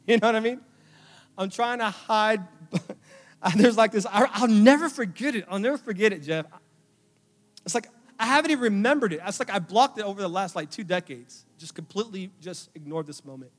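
A young adult man preaching a sermon, telling a personal story with emotion, his voice dropping to a hush and then rising loud. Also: high voice. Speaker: pastor. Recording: long hall reverb with faint music. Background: faint music.

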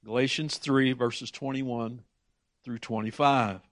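A man's voice: medium pitch, steady tone, slow, no room sound, clean studio sound. A man preaching a sermon, emphatic, often stumbling and repeating words as he presses his points.

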